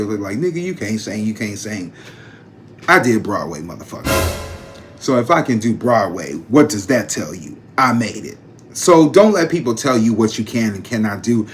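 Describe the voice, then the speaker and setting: A man hosting a casual gossip vlog, chatty and slangy, talking straight to his viewers with animated jumps in pitch. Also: a little hiss or hum. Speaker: psychic channel host.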